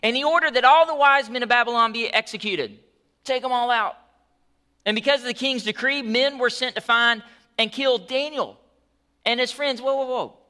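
Pastor guy preaching, high bright voice, animated storytelling. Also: normal speed. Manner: animated storytelling, conversational asides. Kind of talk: sermon.

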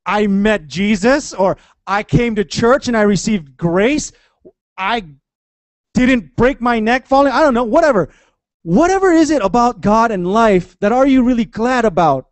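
A man preaching a sermon in church, conversational and animated, with playful asides to the congregation. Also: high voice, normal speed, dry recording. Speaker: pastor.

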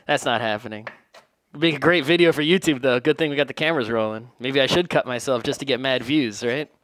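A man's voice: medium pitch, quick pace, fairly bright tone, no echo. Joking man narrating his home cooking. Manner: joking, rambling, self-deprecating. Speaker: home cook vlogger. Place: home kitchen.

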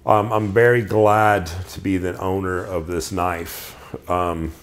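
Man, middle-aged, low-ish voice, casual show-and-tell, enthusiastic, rambling. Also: little pitch movement, takes it slowly, a little hiss or hum. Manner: enthusiastic, rambling with restarts and fillers. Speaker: knife collector reviewing knives.

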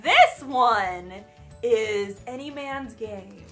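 A woman's voice: fairly high pitch, extremely slow, a bit bright, soft background music. A tipsy woman hosting a drunk reading of her own book, joking and giggling between passages. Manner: giggly, playful. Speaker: author and channel host.

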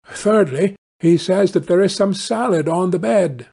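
A cunning little peasant, eager and knowing, as a man reads him aloud. He speaks a touch higher than an ordinary telling voice, slow and husky. Told like a storybook audiobook. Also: warm tone, exaggerated voice. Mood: sly, eager. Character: cunning little male peasant, smug trickster.

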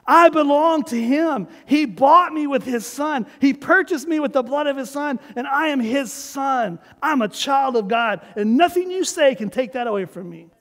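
A man's voice: very high voice, lively intonation, normal speed, hardly any pauses, fairly bright tone. A man preaching a sermon as pastor, emphatic and urging the congregation to repeat his words. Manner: emphatic, urges the congregation to repeat after him. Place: church sanctuary. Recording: long hall reverb of a church sanctuary.

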